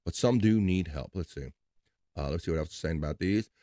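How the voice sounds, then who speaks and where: A man's voice: deep voice, a little fast, no room sound, clean studio sound. A man hosting a live stream, chatting casually and joking, at times singing along. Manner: energetic, jokey, sings along.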